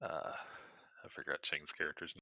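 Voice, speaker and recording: A man's voice: very deep voice, fairly even intonation, normal speed, creaky, pushed and bright, dry recording, muffled recording. A man with a rural Missouri accent playing a tabletop game, talking in an easygoing way and laughing at himself. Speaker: player. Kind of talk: casual tabletop chat.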